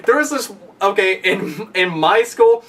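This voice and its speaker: Man, high voice, bright and forceful tone, profane excitable rant, sits back from the mic. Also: unhurried, far from the mic. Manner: profane, excitable, bursts into loud shouting impressions. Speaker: podcast guest. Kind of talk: casual ranting monologue.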